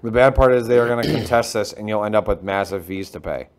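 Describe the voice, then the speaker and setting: A man co-hosting a casual tech and gaming livestream, joking and quick to get excited. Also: lowish voice, smooth. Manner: joking, excitable, self-mocking. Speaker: livestream co-host.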